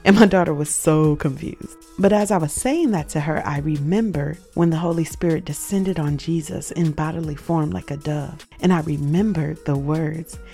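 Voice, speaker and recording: A woman's voice: low-pitched, moderate pace, few pauses, dark tone, faint music behind. A woman hosting a show, earnestly telling a personal faith story, reflective and emotional at its peaks.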